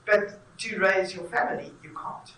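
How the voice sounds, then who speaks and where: A talkative woman interviews theatre people, her voice bright and forward. She sits some way from the mic, and the room rings around her. A faint room noise lies underneath. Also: medium pitch, moderate pace. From South Africa. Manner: effusive, talkative. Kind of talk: enthusiastic conversational interview. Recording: echoey room, mic at a distance.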